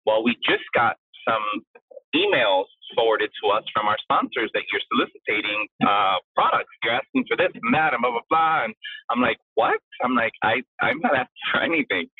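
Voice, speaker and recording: A man with a husky, breathy voice tells a long story as a guest, his pitch sitting in the middle of the range for a man. He is animated, acts out each quote, and keeps tossing in "blah, blah, blah." The sound is dry and thin, like a phone line. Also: no echo. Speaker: guest, drag performer. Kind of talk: casual storytelling interview.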